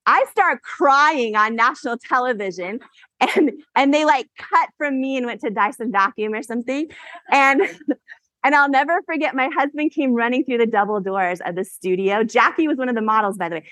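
A woman in her forties delivers a motivational keynote from a stage, and her voice sits somewhat high. She tells stories animatedly and laughs often. The sound is dry and close. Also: moderate pace, fairly bright tone, no room sound. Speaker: keynote speaker. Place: event stage.

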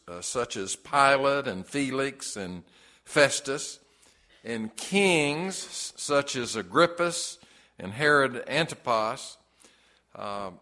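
A man preaching an evening Bible study sermon, halting with many fillers and then rising to emphatic stresses. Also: medium pitch, pushed and bright. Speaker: pastor.

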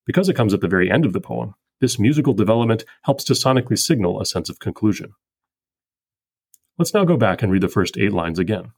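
Guy with a kinda husky low voice reading out his poetry breakdown, slow and methodical. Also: lively intonation, darkish tone, dry recording. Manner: measured, methodical explaining. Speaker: podcast host. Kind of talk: scripted poetry analysis.

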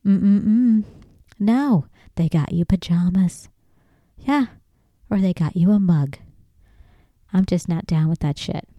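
A woman hosting a podcast alone, ranting in a casual, profane way, getting loud and emphatic as she goes. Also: lowish voice, animated, measured pace, pauses often, dry recording. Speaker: podcast host. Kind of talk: casual solo monologue.

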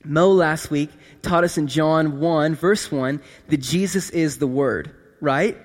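A man's voice: a little high, slow. Conversational male preacher in a big hall. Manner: conversational, animated, checks in with "right?" and "okay?". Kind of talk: casual sermon. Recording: long hall reverb.

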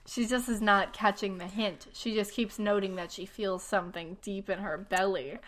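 A woman's voice: medium pitch, fairly even intonation, normal speed. A young woman talks in a loose, casual chat with a mid-range voice. She is sarcastic and mocking and laughs often.

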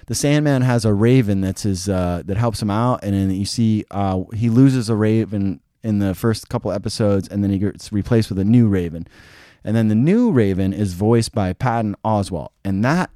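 Male podcast host, solo, low voice, dry close sound, blunt and profane. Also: warm tone, dry recording. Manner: blunt, opinionated, swears freely. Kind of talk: casual solo review.

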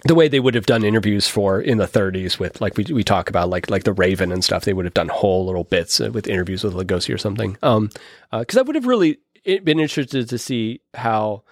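A man's voice: lowish voice, lively intonation, fast, dry recording, clean studio sound. Rambling, enthusiastic man in casual chat. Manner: rambling, many restarts, enthusiastic. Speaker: podcast host or guest discussing films.

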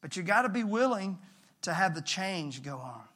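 A male pastor preaching a sermon in a conversational, animated way with jokey asides. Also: sits high, normal speed.

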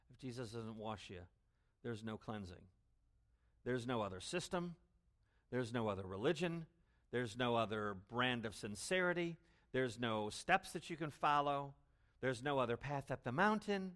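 A man preaching an expository sermon as pastor, stressing words loudly and then dropping to low asides. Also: lively intonation, normal speed. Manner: emphatic, swings between loud stresses and low asides.

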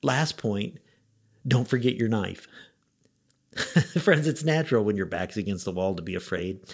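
Earnest pastor, man, lively speaking. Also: fairly low pitch, normal speed, breathy edge. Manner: earnest, conversational storytelling with lively emphasis. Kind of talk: radio devotional message.

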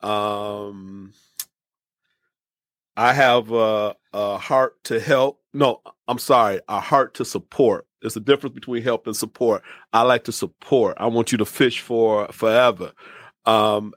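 A man's voice: lowish voice, fairly even intonation, measured pace, dry recording, studio quality. A man who is a guest on a podcast, chatting in a friendly way, often laughing and restarting his sentences. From Michigan. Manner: warm, laughing, stammers and restarts. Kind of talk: casual interview chat.

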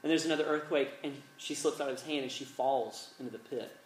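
A man's voice: medium pitch, fast talker, a little hiss or hum. A man preaching at an evening gathering, retelling a film scene animatedly, then praying earnestly. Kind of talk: sermon with storytelling and prayer. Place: large room, evening gathering. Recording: echoey, distant mic, faint ambience.

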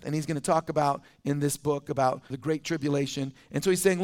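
High-voiced pastor preaching casually. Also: male voice, quick pace, few pauses. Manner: conversational preaching, acts out quoted voices. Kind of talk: sermon.

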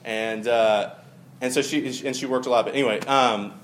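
A man's voice: medium pitch, steady tone, moderate pace, slight background noise. Chatty man preaching to a room. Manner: chatty, many fillers and humorous asides. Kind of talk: casual conversational sermon. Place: room with a live audience.

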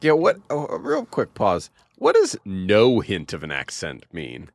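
A man's voice: deep voice, wildly swooping pitch, unhurried, vocal fry, no echo, studio quality. A man in casual podcast chat, correcting details and asking pointed questions. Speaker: podcast guest.

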